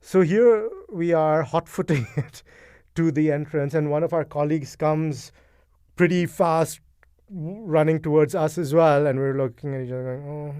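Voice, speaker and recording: A middle-aged man, a guest in an interview, telling his story in a casual, animated and emotional way. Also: a little high, moderate pace, clean tone, no echo, studio quality. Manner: animated, emotional, acts out past dialogue. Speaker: guest, event co-founder.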